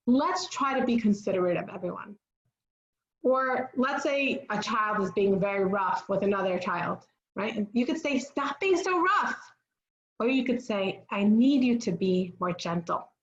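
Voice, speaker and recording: Woman speaker, earnest parenting talk, a bit high, echoey dull room. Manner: earnest and instructive, often asks "right?".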